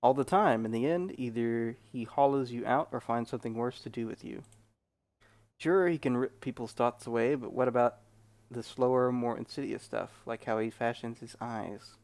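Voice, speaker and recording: A man's voice: medium pitch, normal speed, a little mellow, natural voice. A man reading the lines of a fiery, brooding female warrior dancer from a game in a plain, read-aloud delivery.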